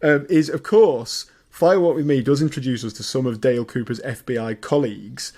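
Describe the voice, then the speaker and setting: A man co-hosting a casual podcast, chatty and jokey, getting loud when excited. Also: mid-range voice, fairly quick. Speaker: podcast co-host. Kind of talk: casual chat.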